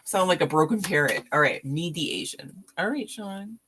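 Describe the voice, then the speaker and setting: A woman's voice: on the low side, lively intonation, a bit bright, a little hiss or hum. A woman reading tarot on a live stream, chatting casually with viewers, laughing often and teasing them. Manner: slow, drawn-out speech with fillers.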